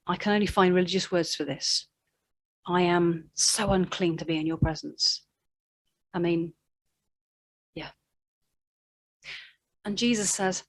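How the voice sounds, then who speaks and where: A woman preaching a sermon, telling a Bible story with animated delivery and acted-out quotes. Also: fairly low pitch.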